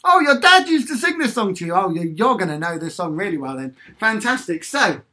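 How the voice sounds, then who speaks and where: With a high, pushed, bright voice, a man runs a chatty live-stream sing-along as a musician. He is very animated and a little fast, staying upbeat while reading viewer comments and counting in beats.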